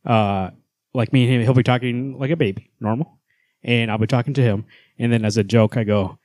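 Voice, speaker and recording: His delivery is steady and fairly fast, medium in pitch with a slightly dark color. He's a thirty-something podcast co-host chatting casually, laughing often and swearing now and then, captured in echo-free studio quality.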